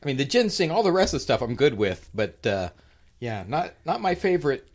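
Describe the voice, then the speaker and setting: A man co-hosting a podcast, chatting casually while snacking, animated and laughing often. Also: medium pitch, brisk. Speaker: podcast co-host.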